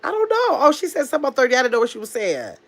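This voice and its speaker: A woman's voice: high voice, huge pitch swings, rapid-fire. Chatty woman livestreamer reading chat. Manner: chatty, reads viewer comments aloud and answers them.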